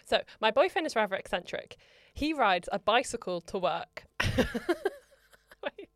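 A woman's voice: medium pitch, very animated, a little slow, no echo, studio quality. A woman co-hosting a podcast in casual chat, giggling as she reads a question aloud. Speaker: podcast co-host.

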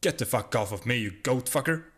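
A man's voice: lowish voice, moderate pace, lightly acted. A man with a Swedish accent voicing a cranky old Viking fisherman who swears defiantly. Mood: angry. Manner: swearing, defiant shouting in dialogue.

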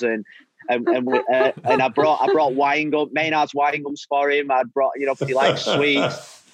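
A middle-aged man telling stories as a podcast guest in casual interview chat, repeating words as he goes and chuckling often. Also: medium pitch. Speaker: podcast guest, former footballer. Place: podcast studio.

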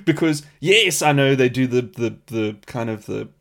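A man hosting a casual question-and-answer podcast, chatty and animated, laughing often. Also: medium pitch, normal speed, vocal fry. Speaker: podcast host.

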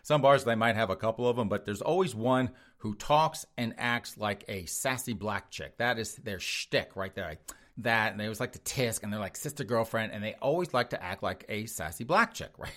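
A man's voice: fairly low pitch, lively intonation, moderate pace, fairly bright tone. A man hosting his own show, giving a sarcastic political commentary monologue to his audience. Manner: mocking, sarcastic, addresses audience as folks. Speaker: show host.

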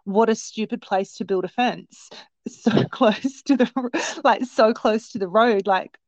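A woman guest telling a story in a rambling, animated way, with many restarts. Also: on the high side, slow pace, dry recording. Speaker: guest recounting a sighting. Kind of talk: casual storytelling. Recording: dull, lo-fi, dry sound.

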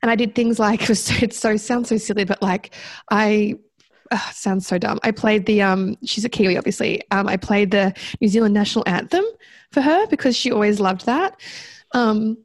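A woman guest recounting a personal story in conversation, reflective and halting, with many fillers and restarts. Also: medium pitch, dry recording.

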